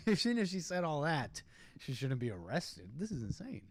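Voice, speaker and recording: A man's voice: on the high side, very animated, a little fast, no echo, clean studio sound. A man hosting a stream, ranting sarcastically and indignantly over a video clip and laughing at his own jokes. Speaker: streamer host.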